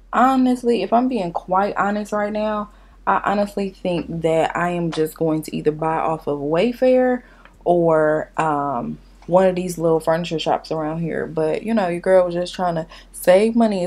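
A young woman, ranting in a blunt, profane storytime while she does her makeup at home. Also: fairly low pitch. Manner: animated, blunt, profane storytelling with reenacted dialogue. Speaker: beauty vlogger. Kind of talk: casual storytime chat during a makeup tutorial.

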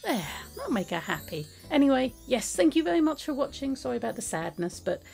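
A woman chatting casually while playing a game, with many restarts and a soft, hesitant way of talking. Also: sits high, very animated, brisk, creaky, soft background music, poor audio. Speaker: gaming video creator. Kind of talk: casual gameplay commentary.

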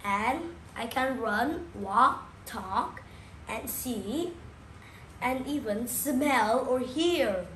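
Speaking very slowly to a class of young children, a woman uses an animated, fairly bright voice that sits a little high. Key words come back again and again, and she keeps asking questions. The space is echoey, with a faint ambient hum.

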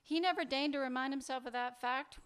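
A man reading fiction aloud, voicing a sharp-tongued, sarcastic wife who demands answers. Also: very high voice, brisk, clear, resonant tone, pitched above the performer's own voice. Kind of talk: literary reading, acted dialogue.

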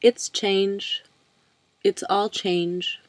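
A woman voicing a cheerful, eccentric woman nearly eighty, chatting brightly and a little louder than her narration. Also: mid-range voice, little pitch movement, extremely slow, no room sound. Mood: lively.

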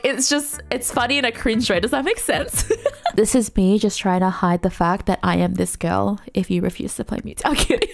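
A young woman giving playful, sarcastic reaction commentary as a gaming YouTuber, laughing often. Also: fairly high pitch.

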